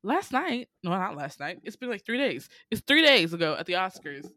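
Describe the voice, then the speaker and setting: A woman's voice: mid-range voice, moderate pace, no echo. A woman from Georgia with a Southern accent, hosting a podcast and telling stories in a casual, profane, dramatic way. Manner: animated, profane, dramatic voice swings. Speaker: podcast host.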